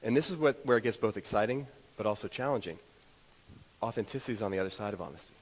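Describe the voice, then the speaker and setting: A man giving a motivational talk to an audience, telling stories in an animated, self-deprecating way. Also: lowish voice, quick pace, long reverb tail, slight background noise, low-quality recording. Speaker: motivational speaker. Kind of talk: storytelling keynote talk to an audience.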